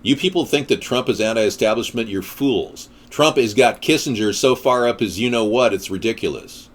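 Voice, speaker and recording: Man, political commentator, ranting monologue, combative, sarcastic, middle pitch. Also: moderate pace.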